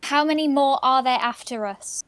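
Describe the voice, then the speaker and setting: A woman playing a tabletop game, asking quick, inquisitive questions. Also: high voice, no room sound. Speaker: player.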